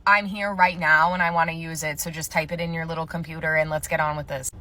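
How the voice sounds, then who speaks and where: A woman's voice: deep voice, level tone, quick pace, bright, forceful tone, voice pushed down. A woman voicing an impatient, entitled female customer who makes pushy demands in a comedy skit. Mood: demanding.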